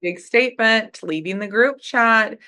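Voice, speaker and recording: A woman's voice: a little high, measured pace, pushed and bright. A woman co-hosting a casual podcast chat, wry and dryly amused. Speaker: podcast co-host.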